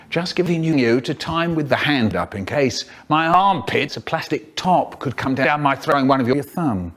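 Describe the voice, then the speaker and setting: A man telling comic stories in a playful, animated way, full of sudden vocal swings. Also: a little high. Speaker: storyteller. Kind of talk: spliced comic storytelling clips.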